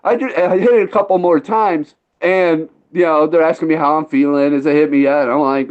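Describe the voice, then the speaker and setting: A man's voice: on the high side, steady tone, a little fast, hardly any pauses, darkish tone, smooth. Laid-back rambling male storyteller, lo-fi. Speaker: podcast host. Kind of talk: casual storytelling chat.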